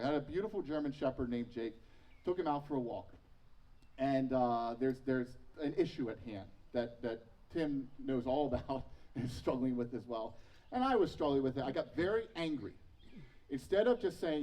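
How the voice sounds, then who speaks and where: A man's voice: medium pitch, brisk, distant mic, muffled recording. A man in his thirties preaching a sermon as pastor, telling personal stories with self-mocking humor. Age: 30s.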